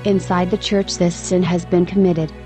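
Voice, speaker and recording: A woman's voice: fairly low pitch, level tone, normal speed, music in the background. A woman narrating a personal religious testimony in an earnest, emotional, scripted way.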